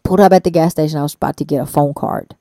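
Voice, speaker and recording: A woman's voice: low voice, fairly even intonation, racing, dark tone, no echo. A woman telling a personal story in casual conversation, rambling with many fillers and free swearing. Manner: slangy, hesitant.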